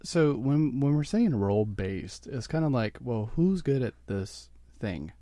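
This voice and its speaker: A man's voice: medium pitch, lively intonation, unhurried, warm tone, dry recording. A man with a Louisiana accent, co-hosting a casual podcast, joking and teasing in playful banter. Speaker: podcast co-host. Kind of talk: casual group chat.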